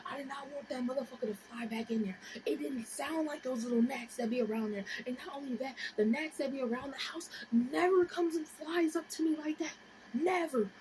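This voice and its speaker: Twenty-something woman vlogging, expressive and crude, fairly high voice, steady background noise. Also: a little fast, rough recording. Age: 20s. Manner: animated and profane, dropping to whispers and rising to shrieks. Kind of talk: casual storytelling vlog.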